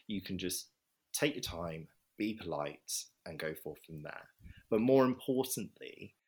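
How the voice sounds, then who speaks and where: A man's voice: deep voice, fairly bright tone, husky. A man, a vet, earnestly recounting a hard day at work in a casual interview. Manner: earnest, reflective, acts out quoted voices. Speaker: vet telling a story.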